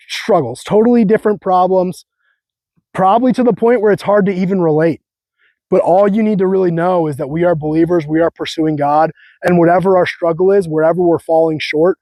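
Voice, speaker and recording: Young male host, earnest and fired up, bit higher pitch, casual chat. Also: mellow, dry recording. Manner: earnest, fired-up, slangy, repeats phrases. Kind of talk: casual faith talk to viewers.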